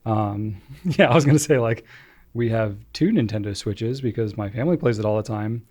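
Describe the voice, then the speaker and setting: A man's voice: fairly low pitch, a little mellow. Upbeat man co-hosting, laughs easily. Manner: encouraging, quick to laugh and react. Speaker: podcast co-host. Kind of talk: casual chat.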